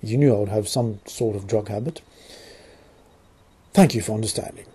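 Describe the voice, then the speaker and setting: A man's voice: fairly low pitch, moderate pace, warm tone, husky, pitched below the performer's own voice. A man with an Australian accent playing a sarcastic, mock-formal male Illuminati news anchor in a satirical newscast, putting on a shaky British accent. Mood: sneering. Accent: put-on British over Australian. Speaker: comedic news presenter.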